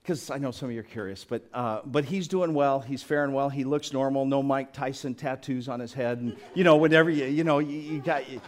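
A man's voice: mid-range voice, brisk, few pauses. A middle-aged man preaching a sermon as pastor, chatty and joking, with frequent laughs.

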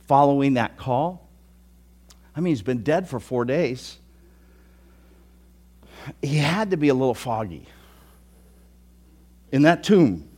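A man preaching a sermon, telling the story with animation, acting out quoted thoughts and swinging from loud declarations to hushed asides. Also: fairly high pitch. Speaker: pastor.

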